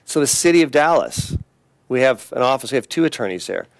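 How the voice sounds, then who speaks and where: A man's voice: mid-range voice, expressive, brisk, gravelly, no room sound. A man speaking as an interview guest, earnest and listing his points steadily. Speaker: guest, attorney organization leader. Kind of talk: casual interview chat.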